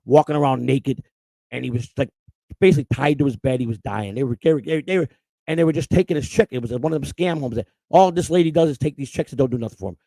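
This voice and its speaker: Gravelly, blunt-talking male stream host. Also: mid-range voice, no echo, rough recording. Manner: blunt, profane, animated. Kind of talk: casual storytelling on a live stream.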